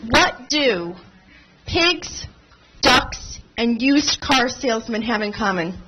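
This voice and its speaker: A woman's voice: fairly high pitch, animated, takes it slowly, sharp tone, a little hiss or hum, low-quality recording. A woman emceeing a live event in a conference room, chatting and joking with the crowd.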